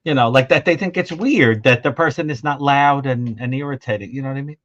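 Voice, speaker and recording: A man who is a guest on a live talk stream, chatting casually, quick to jump in over others and wander into tangents. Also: mid-range voice, fairly bright tone. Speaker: guest commentator. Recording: lo-fi muffled audio.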